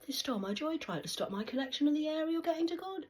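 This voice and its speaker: A woman's voice: sits high, animated, fast, darkish tone. A woman, talking straight to camera in an erratic, rambling monologue that jumps from one idea to the next. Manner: erratic, rambling, jumping between ideas.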